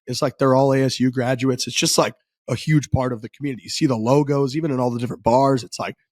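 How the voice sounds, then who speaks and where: Young male podcast co-host, mid-range voice, relaxed rambler, dry close mic. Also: mid-range voice, fast talker, no room sound. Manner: laid-back, rambling, lots of "like". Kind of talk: casual chat.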